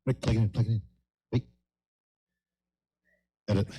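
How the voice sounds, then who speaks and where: A man's voice: on the low side, fairly even intonation, moderate pace, warm tone, breathy edge. A man hosting a live comedy night, hurrying through upbeat announcements and often repeating phrases. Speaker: comedy show host.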